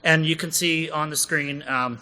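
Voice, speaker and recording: Man on stage, bright voice, jokey conference talk, quizzes the crowd. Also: on the high side, steady tone, a little slow, rough recording. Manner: jokey, chatty, asks the audience questions. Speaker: conference co-presenter. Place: conference session room.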